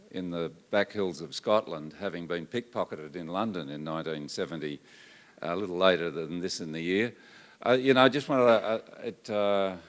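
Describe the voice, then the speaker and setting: An older man giving a public lecture, telling stories in a halting way with many fillers. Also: sits low, fairly bright tone. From Australia. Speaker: guest lecturer.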